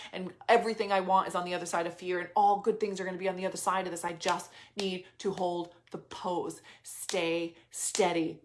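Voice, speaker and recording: A woman's voice: fairly low pitch, a bit bright. A woman in her thirties coaching a group, intense and frank, swearing freely and repeating urgent commands. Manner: reads viewer comments aloud. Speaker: business coach. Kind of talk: motivational talk to a group.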